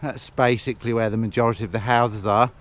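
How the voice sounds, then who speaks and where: A man's voice: medium pitch, steady tone, fast talker. A middle-aged English man, out of breath, chatting and laughing as he vlogs while walking up a hill outdoors. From England. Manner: chatty, self-mocking, laughs often. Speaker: vlogger. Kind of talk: casual outdoor vlog chat. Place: hillside outdoors. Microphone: handheld camera.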